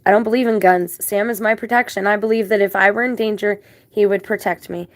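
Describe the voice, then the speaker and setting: A woman's voice: mid-range voice, fairly even intonation, brisk, no echo. A woman telling a long story in a casual vlog, indignant and rambling, with religious turns of phrase. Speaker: vlogger.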